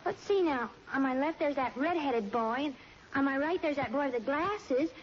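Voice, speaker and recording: An actress playing a sweet but quick-tempered teenage girl with a flustered, gushing manner, in a 1940s radio sitcom. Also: high voice, expressive. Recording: dull hissy old radio recording.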